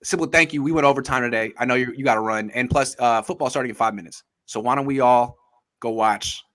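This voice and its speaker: A man's voice: medium pitch, fast, fairly bright tone. A man hosting a casual sports podcast, talking in an emphatic, jokey way and repeating himself for effect. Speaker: podcast host.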